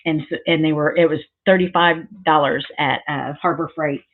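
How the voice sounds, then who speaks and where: Craft vlogger, woman, lowish voice, rambling and chatty with plenty of ums, narrow phone-like recording. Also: steady tone, normal speed. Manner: rambling, chatty, lots of ums and side stories. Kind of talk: casual crafting tutorial chat. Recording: thin phone-like sound.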